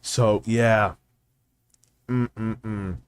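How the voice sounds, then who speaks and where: A man streaming reaction commentary, mocking and swearing, often rising into loud high-pitched rants. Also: fairly even intonation, drawn-out words, heavy background noise.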